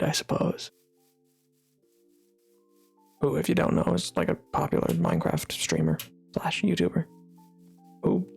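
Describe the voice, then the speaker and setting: Gaming while chatting with a live audience, a livestreamer rambles in a relaxed, drowsy way, full of fillers and restarts. The voice is medium-pitched and creaky.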